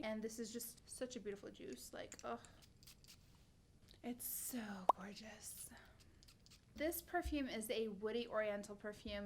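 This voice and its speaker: A woman in her thirties, working as a beauty vlogger, reviews perfumes while talking casually to the camera. Her voice sits a little high, and there's slight noise in the background. She gushes with enthusiasm and keeps tripping over the names.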